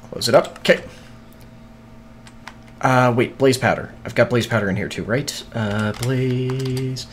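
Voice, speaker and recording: A man's voice: medium pitch, a bit bright, a little hiss or hum. A man streaming a video game, muttering to himself in casual, scattered chatter with frequent swearing and hiccups.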